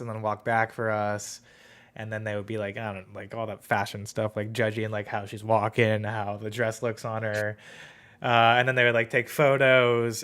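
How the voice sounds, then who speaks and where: A man's voice: medium pitch, a bit bright, clear, resonant tone. A young man hosting a podcast, telling a rambling story in casual chat with lots of fillers. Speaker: podcast host.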